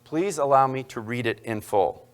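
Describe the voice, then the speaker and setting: A man's voice: medium pitch, normal speed. A man giving a public university lecture, breaking off for joking asides to the audience in the hall.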